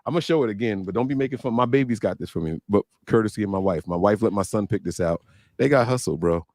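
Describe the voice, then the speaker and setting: A man's voice: on the low side, fast, darkish tone, no room sound, studio quality. A man in his thirties, co-hosting a podcast in loose, joking, slangy chat. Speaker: podcast co-host. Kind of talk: casual livestream chat.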